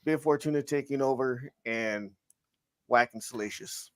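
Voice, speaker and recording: A man's voice: mid-range voice, unhurried, fairly bright tone, dry recording, studio quality. A man co-hosting a podcast, talking loosely and often restarting his sentences while he lays out a story idea. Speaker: podcast co-host. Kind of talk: casual chat.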